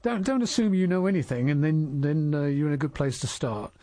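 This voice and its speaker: A man's voice: a little high, fairly quick, mellow, no echo. An older man hosting an interview, talking in a reflective, hesitant way with many filler words. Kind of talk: casual interview chat.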